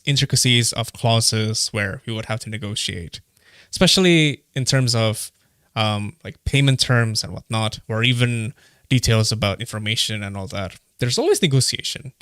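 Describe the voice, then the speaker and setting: A man's voice: mid-range voice, normal speed, a bit bright, smooth, dry recording, studio quality. A young man from Indonesia giving casual, heated commentary, blunt and swearing, with many hesitant fillers. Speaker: streamer reacting to a live broadcast.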